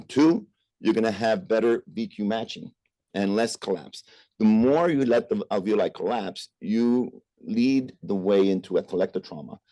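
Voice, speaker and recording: A man with a low, mellow voice lectures on medicine to a remote audience. He explains step by step, dropping in "uh" and asking "right?" to check along. The sound is close and dry. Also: no room sound. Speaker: physician lecturer. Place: remote presentation over a call.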